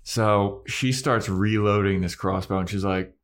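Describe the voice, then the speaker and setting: A man's voice: lowish voice, measured pace, few pauses. A man co-hosting a podcast, casually recapping an episode and acting out the characters' lines. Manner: animated, acts out character quotes. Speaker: podcast co-host.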